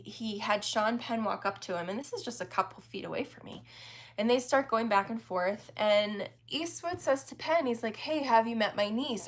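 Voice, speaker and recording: A woman's voice: fairly high pitch, fairly bright tone. A woman in her forties hosting a livestream, telling a story in a chatty way, laughing often and talking with plenty of fillers. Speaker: livestream host.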